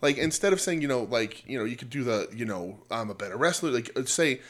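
A man's voice: mid-range voice, expressive, fairly quick, a bit bright. A man co-hosting a podcast, chatting casually about wrestling in a rambling way, full of fillers and restarts. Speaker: podcast co-host.

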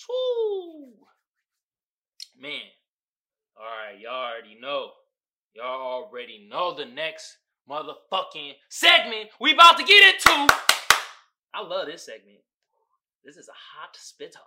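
Lively bright-voiced man hosting a podcast. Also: high-pitched, a little slow, pauses often. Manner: animated, profane, laughs often. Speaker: podcast host. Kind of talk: casual comedic commentary.

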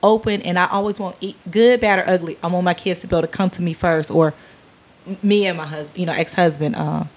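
A woman's voice: on the low side, fairly even intonation, fast. Easygoing woman talking parenting. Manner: open, conversational, acts out quoted voices. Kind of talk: casual panel chat.

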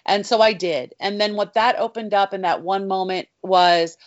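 A woman's voice: mid-range voice, fairly even intonation, moderate pace. A middle-aged woman talking as a guest author about her faith, earnest and heartfelt, often saying "you know". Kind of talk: faith conversation. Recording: dry, slightly dull sound.

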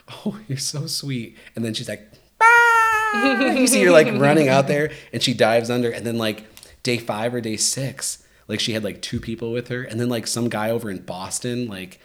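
A man hosting a podcast in casual chat, telling stories with lots of fillers and lively shifts. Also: lowish voice. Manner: animated storytelling, many fillers. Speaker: podcast host.

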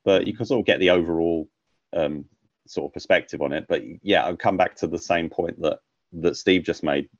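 A British man from the United Kingdom with a low voice co-hosts a podcast, speaking at a moderate pace. He chats casually and ramblingly about films, full of fillers and restarts. The recording is dry and muffled.

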